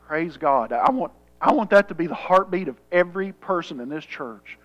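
A Southern US man preaching from the pulpit in a notably high voice. He hammers home phrases by repeating them and rises into emphatic passages. Then he drops to a hushed, prayerful murmur. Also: expressive, moderate pace, muffled recording. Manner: swings from emphatic raised passages to hushed, low prayerful tones. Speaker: pastor. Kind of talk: sermon with closing prayer. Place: church sanctuary.

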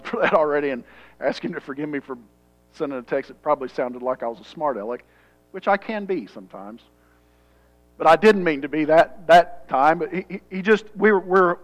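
A male pastor with a Southern US accent preaching a sermon and leading a prayer. He repeats phrases for emphasis and swings between raised, emphatic passages and hushed, prayerful ones. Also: sits high, poor audio. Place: church sanctuary.

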